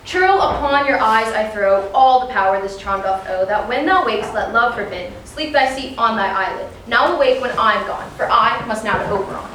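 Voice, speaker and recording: Woman playing Puck, a skittish high fairy. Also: moderate pace, hardly any pauses. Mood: sly. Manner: bright, excited stage delivery with wide leaps in pitch. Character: mischievous sprite fairy servant. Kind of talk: live stage acting. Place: theater stage. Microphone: far camera in the audience. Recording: echoey theater from far off, background noise.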